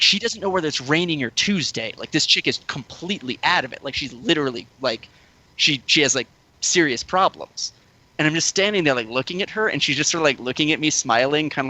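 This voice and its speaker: A man's voice: on the high side, quick pace, sharp tone, rough recording. A man on a casual podcast chat, telling a story in a rambling way full of "like" and fillers. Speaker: podcast regular.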